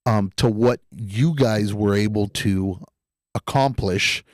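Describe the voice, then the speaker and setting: Earnest low-voiced man co-hosting a podcast. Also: takes it slowly, dry recording, clean studio sound. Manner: earnest, repeats himself, many fillers. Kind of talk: casual podcast chat.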